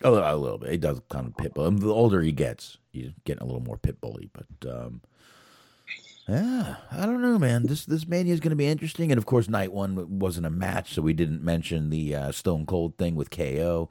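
A man's voice: deep voice, very animated, brisk, creaky, warm tone, dry recording. A man co-hosting a casual chat show, talking loosely with frequent swearing and repeated words. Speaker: podcast co-host.

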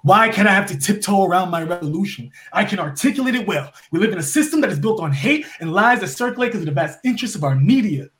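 A man from New York giving an impassioned monologue full of rhetorical questions, swinging between loud and soft as a podcast guest. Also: high voice, animated, quick pace, few pauses.

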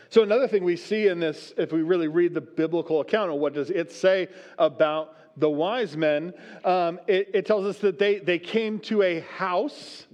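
High-voiced male pastor preaching. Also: normal speed, few pauses, a little mellow, lo-fi sound. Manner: conversational, often asks the room "right?"; reads scripture aloud, then explains it plainly. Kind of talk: sermon.

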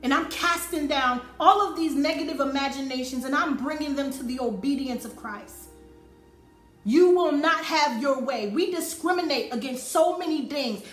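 A woman's voice: high-pitched, normal speed, fairly bright tone. A woman preaching a sermon, driving points home by repeating phrases with rising force. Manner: emphatic, repeating phrases for effect. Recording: roomy echo with faint music.

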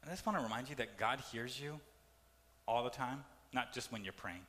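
A man preaching a sermon as pastor, animated and acting out complaining voices. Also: medium pitch, a little fast, long reverb tail.

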